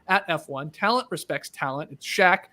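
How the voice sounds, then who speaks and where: Man, podcast host, casual chat, upbeat, laughs a lot, high voice. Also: expressive, normal speed, bright, forceful tone. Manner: laughs often, upbeat and chatty.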